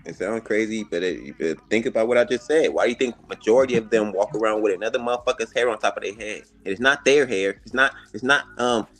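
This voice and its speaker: A man's voice: on the low side, quick pace, hardly any pauses, fairly bright tone. A man arguing bluntly and with heavy profanity in a heated casual panel debate.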